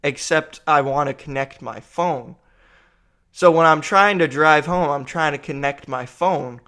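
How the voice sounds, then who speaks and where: A young man with a slightly high voice rambles through a comic rant. He sounds worn out and exasperated, swearing freely as he tells his story. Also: unhurried, sharp tone. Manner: tired, exasperated, profane storytelling. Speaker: vlogger.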